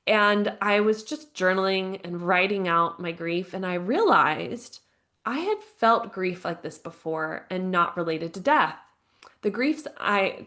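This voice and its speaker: A woman's voice: on the low side, a bit bright. A woman in her thirties, a podcast guest and grief counselor telling her personal story in an earnest, reflective way, often saying "like" and laughing lightly. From United States. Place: home, living abroad.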